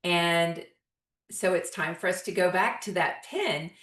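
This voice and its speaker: A woman's voice: fairly low pitch, measured pace, fairly bright tone. A woman hosting a heartfelt solo podcast, telling a personal story and speaking directly to her listeners. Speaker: podcast host. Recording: roomy echo.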